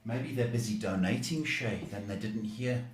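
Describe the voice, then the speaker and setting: A man's voice: lowish voice, normal speed, roomy sound. A man hosting a live psychic tarot advice show. He gives blunt, emphatic guidance and often repeats or restarts his words.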